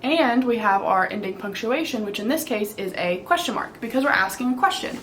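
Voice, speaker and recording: Young woman teacher, slightly high voice, patient step by step lesson for little kids, faint background hiss. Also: animated, a bit bright. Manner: slow, patient, explaining step by step to young children. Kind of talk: early-grade writing lesson.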